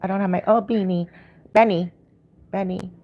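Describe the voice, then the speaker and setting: With the highs cut off, a woman with a Canadian accent chats on her YouTube livestream in a mid-range voice, fairly even and moderately paced. She stays upbeat and wanders in her talk, restarting often and filling gaps with ums.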